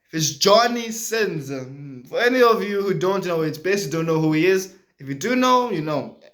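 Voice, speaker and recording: A man's voice: high voice, lively intonation, moderate pace, a bit bright. A man telling a rambling comic story, full of fillers and laughing at his own jokes. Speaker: comedian.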